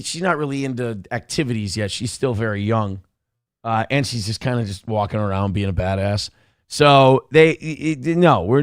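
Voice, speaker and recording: A man's voice: mid-range voice, smooth, no room sound, clean studio sound. Crude joking male show host. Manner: crude, joking, self-mocking; loose, rambling asides. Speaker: live show host reading chat. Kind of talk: casual live-stream chat.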